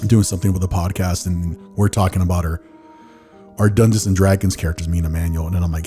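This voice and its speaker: Male podcast host, lowish mellow voice, laid-back chatty storyteller. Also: fast talker, soft background music. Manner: relaxed, chatty storytelling, occasional swearing. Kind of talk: casual podcast chat.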